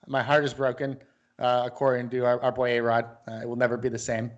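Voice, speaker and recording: A man's voice: mid-range voice, completely flat delivery, quick pace, lo-fi sound. A man co-hosting a casual sports talk show, rambling with lots of restarts and fillers as he chats about basketball. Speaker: sports podcast co-host.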